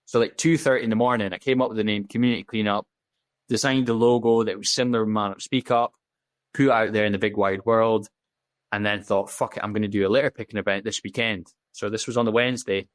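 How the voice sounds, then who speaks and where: A man's voice: on the low side, fairly even intonation, fast talker, no echo. A man, a podcast guest telling his story in candid, casual talk, blunt and full of swearing, acting out the dialogue he quotes. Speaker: podcast guest, safety officer.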